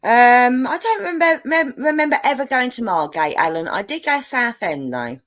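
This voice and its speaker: Chatty London-accent woman host, laughs a lot, very lively pitch. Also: normal speed. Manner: chatty, laughs often, plays up a broad common accent. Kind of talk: casual chat, reading viewer comments.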